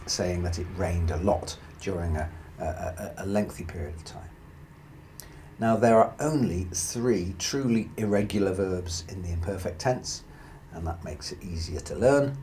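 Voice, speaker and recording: A man teaching a grammar lesson, explaining slowly and carefully and reading out example sentences. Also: sits low, a little mellow, a little hiss or hum. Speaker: Spanish teacher.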